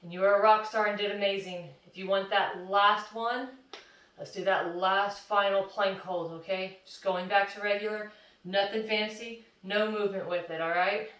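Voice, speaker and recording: A woman's voice: mid-range voice, fairly even intonation, normal speed, fairly bright tone. A woman fitness instructor coaching a plank workout, encouraging and counting down reps while out of breath. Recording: echoey room, far from mic.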